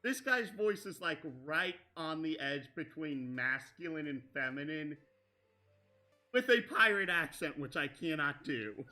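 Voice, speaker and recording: Man, game master, high voice, very bright tone, slow, rambling narration. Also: lively intonation, faint music behind. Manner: rambling, full of restarts and fillers like "like".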